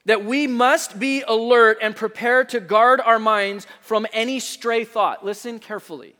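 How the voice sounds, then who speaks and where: Man, pastor, sermon, animated storytelling, bright tense voice, long reverb. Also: high-pitched. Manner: animated storytelling preacher, rising to shouts.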